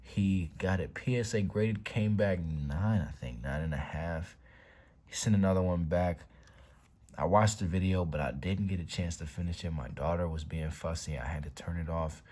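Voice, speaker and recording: Deep-voiced laid-back man showing off cards. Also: moderate pace, a little mellow. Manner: laid-back slangy talk, swears, drops to whispers over cards. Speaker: YouTube card-collection host. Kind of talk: casual collection showcase vlog. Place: room at home by a window.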